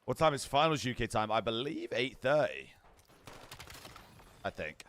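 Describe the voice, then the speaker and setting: A man's voice: mid-range voice, big pitch swings, measured pace, a bit bright, a little hiss or hum. Brash, swearing British young man. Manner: brash, swears a lot, banters with chat. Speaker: streamer hosting a watch party. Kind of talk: casual live-stream chat with viewers.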